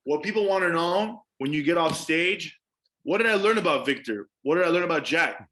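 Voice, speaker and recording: A man's voice: fairly high pitch, animated, a little fast, a bit bright. A man, a stand-up comedian, chatting casually on a podcast, emphatic and profane, repeating words for stress.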